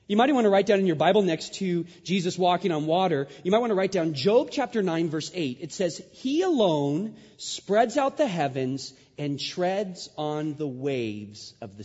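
A man preaching a sermon, telling a story and acting out the lines he quotes with big jumps in his voice. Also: husky. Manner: animated, acts out quotes with big pitch jumps. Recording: dull sound in a large hall.

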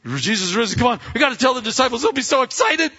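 A man voicing a group of excited women disciples who gush out their news in a breathless, high voice. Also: racing, husky, heavily acted. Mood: thrilled. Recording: echoey hall, dull lo-fi sound.

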